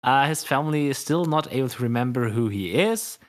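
A man player on a tabletop game podcast, introducing his character with hesitant, halting starts. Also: medium pitch, expressive. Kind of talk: casual chat.

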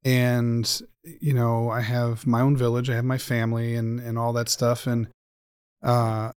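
Earnest podcast host, dry close sound. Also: male voice, medium pitch, completely flat delivery, unhurried, darkish tone, clear, resonant tone, dry recording. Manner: earnest, grateful, many fillers. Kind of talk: casual interview chat.

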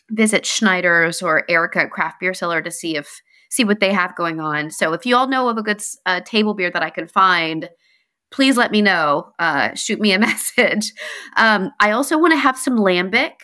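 Tired woman from north carolina cohosting a podcast, bright voice, stumbles a bit. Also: lowish voice, moderate pace. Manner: chatty, hesitant, some stumbling. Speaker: podcast co-host. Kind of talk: casual chat.

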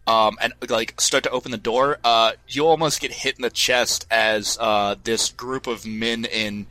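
Rambling game master man, bright dry voice. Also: medium pitch, steady tone, unhurried, no echo. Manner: rambling, self-correcting, filler-heavy. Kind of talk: narrating a tabletop game. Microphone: headphones and desk mic.

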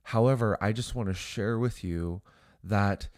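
A man's voice: fairly low pitch, unhurried, darkish tone, no echo, clean studio sound. A man co-hosting a podcast in casual conversation, talking earnestly with a slightly nasal, allergy-stuffed voice and frequent restarts. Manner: earnest, thinking aloud with many restarts. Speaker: podcast co-host.

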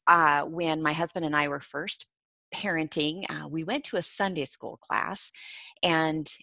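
A middle-aged woman hosts a podcast in a relaxed, chatty way, sprinkling in ums and easy laughs. Her voice sits a little low but sounds bright. The recording is dry and close. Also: unhurried, vocal fry, no room sound. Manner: warm, chatty, laughs often, many ums. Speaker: podcast host. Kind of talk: casual interview chat.

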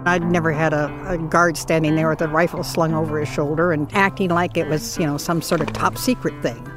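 A woman's voice: low voice, steady tone, brisk, music in the background. A woman, a property owner, telling her story in a blunt, defiant and wry way. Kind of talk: storytelling interview.

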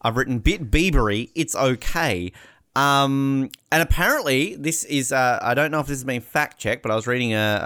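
A man's voice: mid-range voice, fairly bright tone, clean tone. Chatty rambling male podcast host. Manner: rambling and jokey, many fillers. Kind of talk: casual panel chat.

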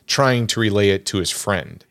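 Low, dry-voiced emotional man. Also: moderate pace, no room sound. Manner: emotional, animated storyteller. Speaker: podcast co-host. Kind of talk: casual film discussion.

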